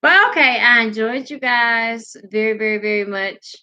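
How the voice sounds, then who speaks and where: A woman's voice: a little high, moderate pace, pushed and bright, highs cut off. Sleepy woman chatting on a live stream. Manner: sleepy, rambling, laughing, talks back to the chat. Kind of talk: casual live stream chat, reading comments.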